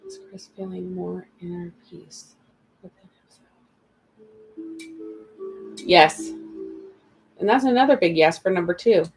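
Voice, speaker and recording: A woman's voice: on the low side, big pitch swings, slow pace, vocal fry, pauses often, a little mellow, faint music behind, poor audio. A woman giving live-stream spiritual card readings, chatty and calling viewers darling and sweetie. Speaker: spiritual reader.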